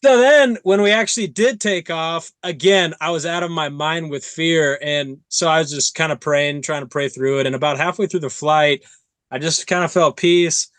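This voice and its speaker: A man hosting an interview podcast, telling stories in an animated way and acting out his own quotes. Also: fairly high pitch, normal speed, no echo. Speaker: podcast host. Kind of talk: casual interview chat.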